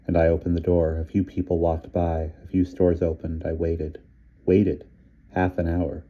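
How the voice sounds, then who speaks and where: A man reading a novel aloud in a measured, even narration. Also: deep voice, dull audio. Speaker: audiobook reader. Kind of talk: scripted narration.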